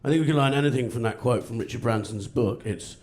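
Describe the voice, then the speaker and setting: A man doing a stand-up comedy routine on a club stage, with a sardonic, deadpan delivery and crude jokes. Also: mid-range voice, fast. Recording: noisy live club recording. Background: audience laughter.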